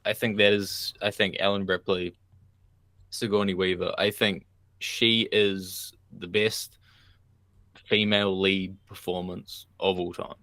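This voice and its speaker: Man, very low voice, dry close sound, relaxed podcast co-host, swears casually, laughs a lot. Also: unhurried, no echo. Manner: laid-back, swears freely, laughs often. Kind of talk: casual chat.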